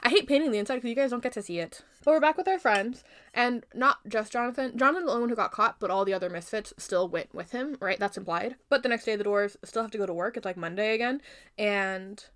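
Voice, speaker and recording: A young woman casually retelling a fairy tale in her own version, animated and jokey, with plenty of asides. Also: mid-range voice, fairly quick. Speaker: youtuber retelling a story.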